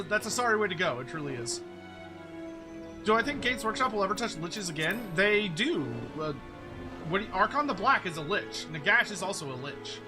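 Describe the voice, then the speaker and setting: A man streaming a game, chatting casually and joking, often stopping and restarting his sentences. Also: sits high. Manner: rambling, joking, self-interrupting. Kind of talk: casual gaming commentary. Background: game music.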